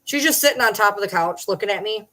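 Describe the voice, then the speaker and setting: A woman vlogging casually at home at night, chatting to the camera and calling and scolding her dogs in a high sing-song. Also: animated, fast, fairly bright tone, rough recording.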